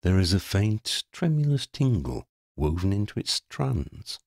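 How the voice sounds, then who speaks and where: A man voicing a courtly ferryman who speaks in a formal, measured way. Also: on the low side, sing-song, gravelly, darkish tone, dry recording, studio quality, full character voice.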